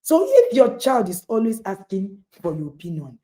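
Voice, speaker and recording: A woman's voice: mid-range voice, big pitch swings, normal speed, warm tone. A middle-aged woman with a Nigerian accent giving an emphatic motivational talk to parents, repeating points for stress and addressing listeners directly. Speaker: parenting speaker and author.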